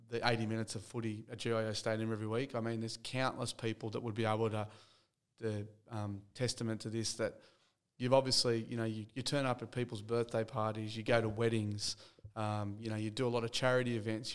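Male host, mid-pitched, easygoing interviewer who prompts stories. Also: clear, resonant tone. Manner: relaxed, encouraging questioner. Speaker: podcast host. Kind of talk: casual interview chat.

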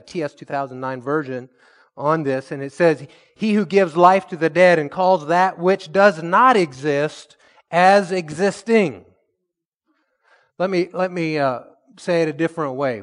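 A slightly high-voiced man delivers a sermon. He tells a story in a lively, conversational way. He slows right down to drive home his main points. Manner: storytelling preacher, slows for emphasis and rises when excited. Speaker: pastor.

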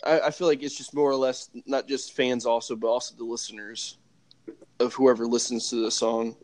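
A man co-hosting a casual podcast, talking in halting phrases with many restarts. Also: medium pitch, little pitch movement, darkish tone. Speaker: podcast co-host. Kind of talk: casual chat.

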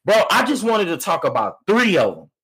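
A man's voice: high-pitched, huge pitch swings, a little fast, a bit bright, slightly rough, poor audio. A man co-hosting a faith podcast, chatting enthusiastically and calling his partner "bro.". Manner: enthusiastic, says "bro" a lot, affirming. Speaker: podcast co-host. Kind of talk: casual faith podcast chat.

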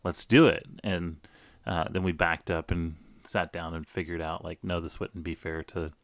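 A middle-aged man telling a personal story casually, animated, with many restarts. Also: deep voice, moderate pace, no room sound, studio quality. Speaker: guest storyteller.

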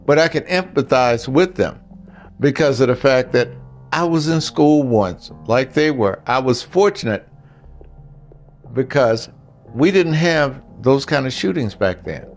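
An older man giving blunt relationship advice in a casual monologue, talking straight to the men listening and telling stories along the way. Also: mid-range voice. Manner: blunt, storytelling, talks straight to the guys.

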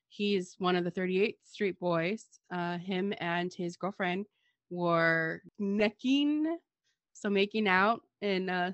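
A woman's voice: mid-range voice, a bit bright, no echo. A woman co-hosting a casual history discussion, with dry, sarcastic asides. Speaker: podcast co-host.

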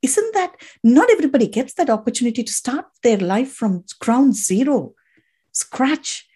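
A woman's voice: on the high side, expressive, normal speed, warm tone, husky. A woman and native Tamil speaker, a podcast guest, telling her personal story with heartfelt gratitude, emotional and close to tears, often restarting her sentences.

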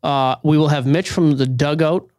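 A man's voice: a little high, fairly even intonation, normal speed, darkish tone, no echo. Male podcast co-host, dry teasing banter, blunt opinions, dry close-miked studio sound. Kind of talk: casual chat.

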